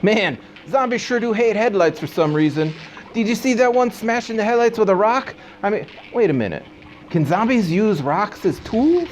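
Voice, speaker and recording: A man's voice: high voice, animated, moderate pace. A man hosting a horror movie show, cracking goofy, wry jokes between scenes, on a dull old home VHS recording. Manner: goofy, joking, wry asides. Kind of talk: comedic TV host banter.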